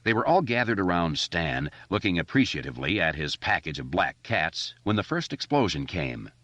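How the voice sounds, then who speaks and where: Deep-voiced man reading an audiobook. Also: moderate pace, no room sound. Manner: expressive, steady reading. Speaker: audiobook narrator. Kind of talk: scripted narration. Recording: dry, dull lo-fi recording.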